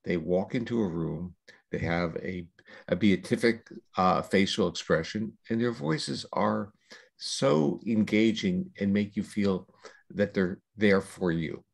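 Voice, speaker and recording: An older man speaks as a scientist guest in a podcast interview, laying out ideas at length in a measured, lecturing manner. His voice sits low and gravelly, with a husky edge. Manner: measured, lecturing with long explanations. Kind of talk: explanatory interview talk.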